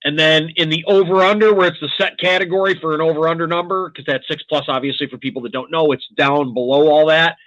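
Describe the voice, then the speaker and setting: A man co-hosting a casual sports show, talking bets in an excitable, emphatic way and swearing now and then. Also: a little high, fast talker, few pauses, no echo, lo-fi sound. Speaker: co-host. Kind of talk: casual sports betting chat.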